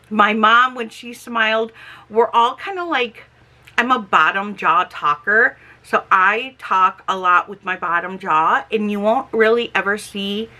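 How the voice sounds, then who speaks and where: A middle-aged woman chatting casually in a vlog, talking slowly and carefully, with slightly slurred, lisping S sounds from her dentures. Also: medium pitch, sharp tone. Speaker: homestead vlogger.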